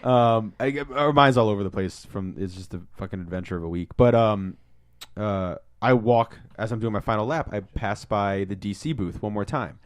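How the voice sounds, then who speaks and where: A young man co-hosting a podcast, telling stories in a casual, excitable way, swearing often and acting out what people said. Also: fairly low pitch, moderate pace, clear, resonant tone, no echo, studio quality. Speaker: podcast co-host. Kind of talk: casual storytelling chat.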